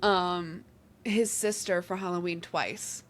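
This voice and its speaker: A woman's voice: lowish voice, steady tone, slow. Giggly young woman with a New Jersey accent. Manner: chatty, giggly, acts out quoted dialogue. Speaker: podcast co-host. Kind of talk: casual chat.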